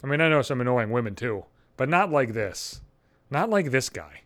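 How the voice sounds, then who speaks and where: A young adult man telling stories in a blunt, profane, animated podcast rant. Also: on the high side, quick pace, no room sound. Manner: blunt, heavy swearing, animated. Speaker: podcast host.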